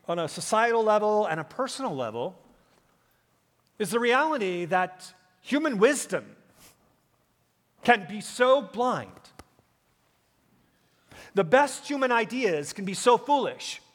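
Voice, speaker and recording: High-voiced pastor preaching in a reverberant church. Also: male voice. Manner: emphatic, with rhetorical questions and frequent "uh" fillers. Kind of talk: sermon. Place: large church sanctuary. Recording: long hall reverb in a church.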